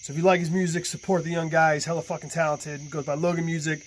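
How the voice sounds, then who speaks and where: A man's voice: fairly high pitch, flat delivery, fast, a little hiss or hum. A man talking casually and profanely about knife tests, stammering often and sounding a little tipsy from shots. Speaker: knife tester and maker. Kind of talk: casual vlog talk. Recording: echoey room.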